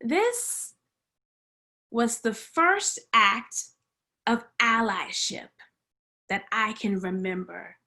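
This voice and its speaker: Slow, bright-voiced woman telling a sermon story. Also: a little high, very animated. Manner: dramatic storytelling, acts out voices, drops to whispers. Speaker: guest preacher. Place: church sanctuary.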